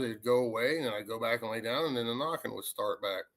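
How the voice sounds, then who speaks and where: A man, a paranormal investigator telling a ghost story in a rambling, animated way. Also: medium pitch, fairly quick. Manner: rambling, animated retelling with acted quotes. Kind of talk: casual storytelling.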